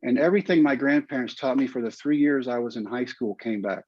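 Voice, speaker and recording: A man's voice: medium pitch, brisk, a little mellow, no echo. Older Texan man telling an earnest story. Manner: emotional, earnest storytelling with quoted asides. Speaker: guest, former pitcher and teacher. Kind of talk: storytelling in a podcast interview. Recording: dull, lo-fi, dry sound.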